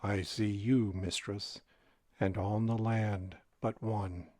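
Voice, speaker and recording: A man voicing a solemn magic mirror in a read fairy tale, low and measured. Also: little pitch movement, a little mellow.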